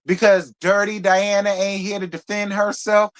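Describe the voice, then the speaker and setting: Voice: medium pitch, flat delivery, normal speed. A reality TV review host giving a live recap, blunt and profane, repeating points for emphasis and talking straight to viewers. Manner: talks straight to viewers, calls them girl and y'all.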